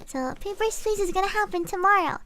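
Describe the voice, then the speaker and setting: A woman's voice: very high-pitched, pushed and bright, a little hiss or hum. A woman streaming a game, playful and chatty as she wraps up and thanks viewers. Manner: playful, drawn-out and giggly. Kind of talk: casual game stream chat.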